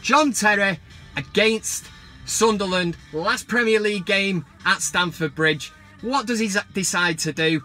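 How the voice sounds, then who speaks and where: Ranting, sweary man, very high voice. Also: a little slow, sharp tone, faint music behind. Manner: sweary, heated and mocking. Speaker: football vlog host. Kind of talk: profane ranting football vlog.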